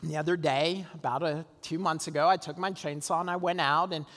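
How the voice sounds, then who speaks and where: A pastor preaching a sermon, telling a personal story in a relaxed, conversational way with small laughs and restarts. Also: male voice, fairly high pitch, fairly quick. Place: church sanctuary. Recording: long hall reverb.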